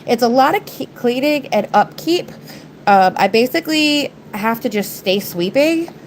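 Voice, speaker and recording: A woman's voice: a little high, animated, measured pace, a little hiss or hum, poor audio. Congested, chatty woman livestreaming. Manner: chatty, rambling, talks to viewers and her pets. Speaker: nail art livestreamer. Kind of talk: casual livestream chat while doing nails.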